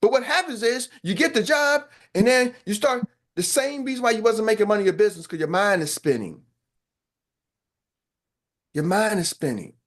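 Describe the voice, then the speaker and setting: A man's voice: high voice, expressive, normal speed. Blunt, emphatic male business coach. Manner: repeats phrases for emphasis. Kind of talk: motivational talk.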